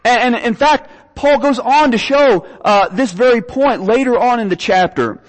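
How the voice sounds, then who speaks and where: A man's voice: very high voice, moderate pace, in a large hall, poor audio. A young man preaching a sermon, earnestly reading scripture aloud and often repeating his words. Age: young adult.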